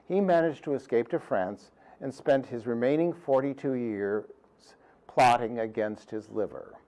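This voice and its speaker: A man tells history as a comic lecture, taking his time over every sentence. His wit is dry and pedantic, and he lands each joke deadpan. His voice sits at an ordinary middle pitch. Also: a little slow, rough recording. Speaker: performer of a musical history talk. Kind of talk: humorous history lecture with songs.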